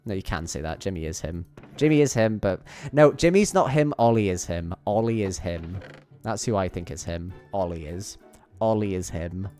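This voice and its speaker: Young man, streamer, lowish voice, playful rambling chatter, faint background music. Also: animated, normal speed, hardly any pauses, warm tone. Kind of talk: casual chat while gaming. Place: home bedroom.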